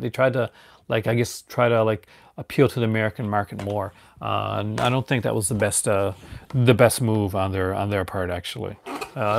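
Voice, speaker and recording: A man's voice: mid-range voice, vocal fry. A man from Newfoundland, Canada, chatting casually on a live stream and rambling through restarts and fillers.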